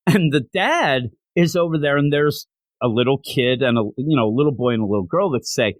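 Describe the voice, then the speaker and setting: A man hosts a comic book podcast, retelling a story in an easygoing, heartfelt way. His voice swings up and down with lively inflection. The sound is dry and close, with no room echo. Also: medium pitch, a little fast. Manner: animated, openly sentimental storytelling. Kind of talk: casual comic recap.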